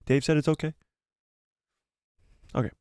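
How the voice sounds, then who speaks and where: A man's voice: on the high side, fairly even intonation, measured pace, warm tone, clean tone, no echo, pitched above the performer's own voice, natural voice. Reluctant woman exec put on by a man, muttered and dry. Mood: grudging. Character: grudging woman studio executive.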